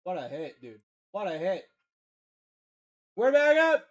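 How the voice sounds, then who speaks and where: A man from Maine with a Maine accent hosts a live card-breaking stream, calling pulls with energetic, slangy banter and shouting over big hits. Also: high voice, slow pace. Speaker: card-breaking livestream host. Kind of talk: excited live sales commentary.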